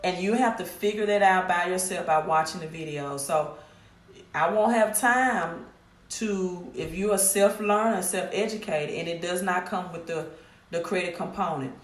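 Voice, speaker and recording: A woman's voice: lowish voice, normal speed. Middle-aged woman with a Mississippi accent, host on a live stream, direct and scolding, repeats herself, roomy echo. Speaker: credit repair business owner hosting a live stream. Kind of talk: casual live stream pitch. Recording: echoey room.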